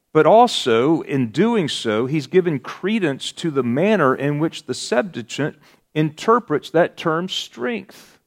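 A man preaching a sermon as pastor, slow and deliberate, rising to emphatic peaks on key words. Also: fairly high pitch.

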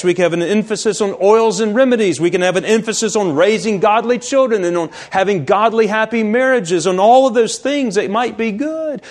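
A man delivering a sermon in a high-pitched voice. He hammers his points through repetition and draws out the key phrases. At times he sinks almost to a whisper to stress a word. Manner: emphatic, repetitive, drops to near-whisper for stress. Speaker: preacher.

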